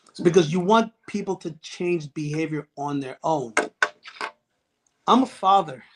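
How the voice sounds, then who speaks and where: A middle-aged man psychiatrist answering interview questions, earnest and halting, with frequent restarts and fillers. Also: a little high. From United States. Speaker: child and adolescent psychiatrist, guest.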